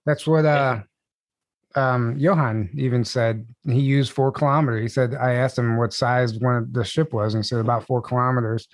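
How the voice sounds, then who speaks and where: A man's voice: mid-range voice, steady tone, normal speed, no room sound. A man hosting a podcast, chatting casually and reacting briefly to his guest. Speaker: podcast host. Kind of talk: casual chat.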